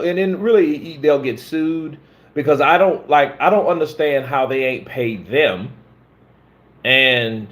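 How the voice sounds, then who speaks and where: A man from the American South, a stunt performer, chatting casually and telling profane, rambling stories. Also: medium pitch. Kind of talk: casual chat.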